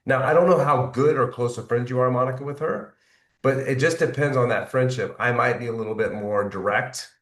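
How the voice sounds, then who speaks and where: A man of medium pitch and fairly bright tone speaks fairly quickly, caught on a distant mic in a reverberant space. As a network marketing team leader, he motivates his team about sales follow-up, repeats his points and keeps asking "right?".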